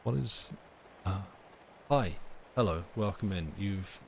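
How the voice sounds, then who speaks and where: Low-voiced man bantering dryly with viewers. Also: expressive, slow, vocal fry, darkish tone, a little hiss or hum. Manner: dry, teasing banter with frequent restarts. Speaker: livestream host reading stories. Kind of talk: casual chat to live stream viewers.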